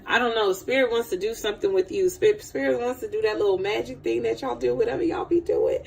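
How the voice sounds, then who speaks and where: Female tarot reader, gravelly voice, lively slangy delivery with frequent laughs and repeated phrases. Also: on the high side, quick pace, slight background noise. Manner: animated, slangy, laughs often, repeats herself. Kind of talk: live tarot reading stream.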